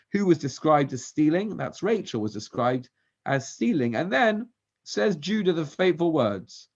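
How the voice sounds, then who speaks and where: Man, Torah study teacher, slightly high-pitched, quizzing style, muffled low-fi recording. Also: big pitch swings, normal speed. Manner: quizzes the group with questions; mixes Hebrew verses with English. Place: synagogue class. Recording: dull lo-fi recording.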